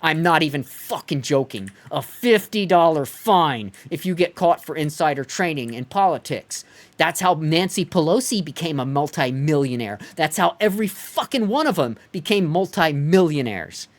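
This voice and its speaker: A man's voice: on the high side, expressive, normal speed. A man ranting heatedly and profanely during a game live stream, sometimes mocking others in put-on voices. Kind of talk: live-stream rant while gaming.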